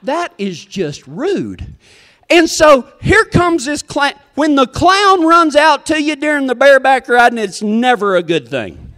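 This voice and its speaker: A man's voice: very high voice, animated, moderate pace, sharp tone, big-room sound. A man telling a comic story in a folksy, rambling, self-deprecating way.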